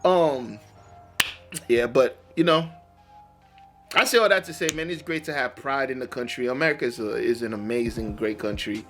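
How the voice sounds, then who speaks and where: A man's voice: mid-range voice, moderate pace, a bit bright, soft background music. A man hosting a reaction video, talking in loose, rambling, slang-heavy casual commentary with frequent restarts.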